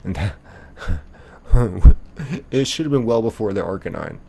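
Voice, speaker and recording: A man's voice: on the low side, expressive, measured pace, vocal fry, mellow. A young man, live-streaming a game and playfully reading viewer chat aloud, laughing often.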